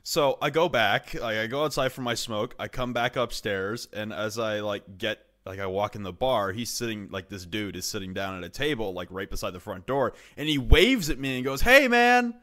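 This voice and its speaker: A man's voice: fairly low pitch, moderate pace, hardly any pauses. A young Canadian man, an esports broadcaster, telling a story in casual chat and swearing a lot. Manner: swears a lot, animated retelling.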